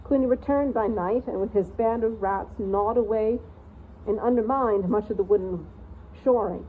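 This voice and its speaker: A woman voicing an ancient, forgetful male mouse who keeps records, speaking in a squeaky near-whisper and rambling like a doddering elder. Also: moderate pace, lightly acted. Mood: reading records. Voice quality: squeaky voice barely above a whisper. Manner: doddering, rambling, peering over spectacles. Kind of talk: storybook reading. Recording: tinny phone-like sound, faint hiss.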